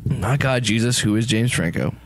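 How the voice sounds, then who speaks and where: A young man co-hosting a comedy talk show, rambling through a profane movie pitch with lots of laughter. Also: normal speed. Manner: rambling, laughing, profane storytelling with acted quotes. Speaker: podcast co-host pitching a movie. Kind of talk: casual comedic chat.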